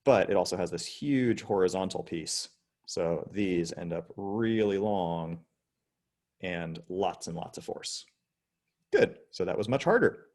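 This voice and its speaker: A man's voice: deep voice, lively intonation, unhurried, a little mellow. A man teaching a casual online physics lesson, chatty and demonstrating with his body as he explains. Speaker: high school physics teacher.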